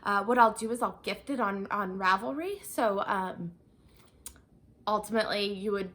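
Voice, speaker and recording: A woman's voice: medium pitch, moderate pace, fairly bright tone. A young woman hosting a knitting podcast in a casual, chatty way, full of ums, a bit out of breath. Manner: chatty, bubbly, many ums. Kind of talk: casual video podcast chat.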